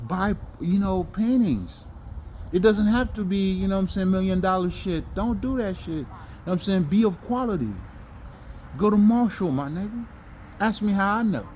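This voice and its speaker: Guy rambling and cursing about greatness, voice sits kinda high, faint crickets in the back. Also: a little hiss or hum. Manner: animated, profane, rambling with many restarts and laughs. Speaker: self-help talker. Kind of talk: casual spoken monologue.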